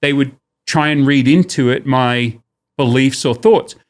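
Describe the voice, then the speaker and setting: A man's voice: medium pitch, a little slow. A man talking casually as a returning podcast guest, joking and working through examples with shifting emphasis. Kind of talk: casual chat.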